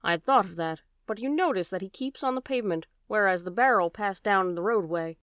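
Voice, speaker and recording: A woman's voice: medium pitch, smooth, no echo, clean studio sound, lightly acted. Woman reading a shrewd, courteous detective. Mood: calm. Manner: measured, courteous, quietly strategic. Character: cool, shrewd male detective, polite and probing. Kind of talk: audiobook character voicing.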